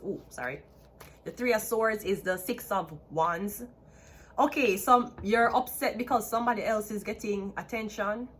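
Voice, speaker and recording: A woman with a Jamaican accent giving a chatty tarot card reading, excitable and repeating herself. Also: medium pitch. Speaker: tarot reader. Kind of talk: casual tarot reading to camera.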